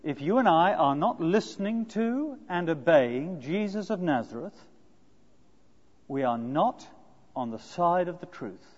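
A man's voice: on the high side, lively intonation, a little slow, darkish tone. A man preaching an expository sermon, earnest and fond of rhetorical tag questions. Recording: dull lo-fi sound with long hall reverb.

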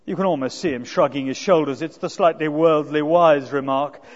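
A preacher with a strikingly high voice gives an earnest, expository sermon at normal speed, often using rhetorical tag questions. The audio is dull and lo-fi, and a long hall reverb lingers after each phrase.

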